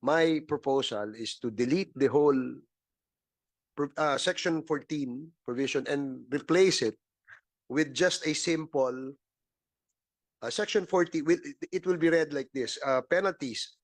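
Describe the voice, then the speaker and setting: A man's voice: on the high side, a little slow, dry recording. A man with a Filipino accent chairing a committee hearing, slipping Tagalog asides into his English. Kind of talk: legislative hearing proceedings.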